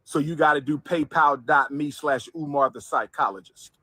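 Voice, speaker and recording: A man's voice: fairly high pitch, moderate pace, pushed and bright, dry recording. Insistent man in a dry clip. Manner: repetitive and insistent. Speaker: speaker in a played clip asking for donations. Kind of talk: livestream appeal.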